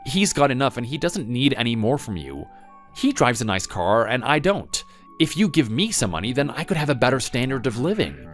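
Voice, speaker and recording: A resentful adult son, drunk and self-pitying, who blames his mother for how his life went, as a man plays him. His voice sits at a middling pitch and moves through a wide range. Faint music plays under this dramatized story. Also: sing-song, brisk, natural voice. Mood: demanding. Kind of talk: dramatized family story reading.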